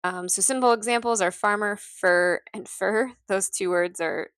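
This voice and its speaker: A woman's voice: medium pitch, moderate pace, a bit bright, no echo. A woman teacher casually walking through lesson concepts, with many ums, restarts and small laughs. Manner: informal, frequent ums, self-correcting, light laughs. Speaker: literacy teacher. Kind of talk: casual recorded teaching walkthrough.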